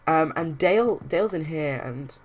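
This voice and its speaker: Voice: medium pitch, animated, normal speed. Rambling game commentator. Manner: rambling, retells scenes with quoted lines. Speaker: let's play host.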